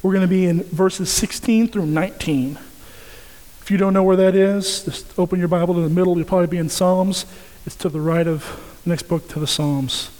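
A man preaching to his congregation with a somewhat high voice, speaking directly and repeating lines to press his point home. His words ring out with a long reverb in a church hall. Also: steady tone, normal speed, a little mellow. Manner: earnest and direct, repeating phrases for emphasis. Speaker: pastor. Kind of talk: sermon.

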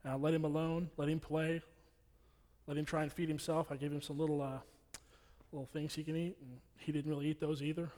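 A man's voice: fairly high pitch, little pitch movement, fairly quick, a little mellow. A young man preaching a sermon in a church, blunt and repetitive, hammering his warnings home. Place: church hall. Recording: long hall reverb.

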